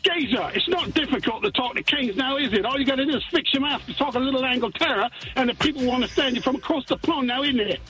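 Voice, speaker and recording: A man doing a jokey English geezer voice, high-pitched, exaggerated put-on accent, playful banter. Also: animated, fast talker, hardly any pauses, bright, forceful tone, faint music behind, exaggerated voice, poor audio. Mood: cheeky. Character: a man's mock English accent, cheeky geezer.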